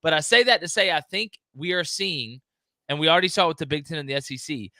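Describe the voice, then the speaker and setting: A man co-hosting a casual sports talk show, animated and given to mocking asides. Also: fairly high pitch, quick pace, dry recording, studio quality. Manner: animated, mocking quoted voices, laughing asides. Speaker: podcast co-host.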